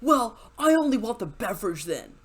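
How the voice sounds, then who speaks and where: A woman's voice: on the high side, big pitch swings, normal speed, husky. A woman voicing a huffy, entitled young man arguing at a bar, whiny and indignant.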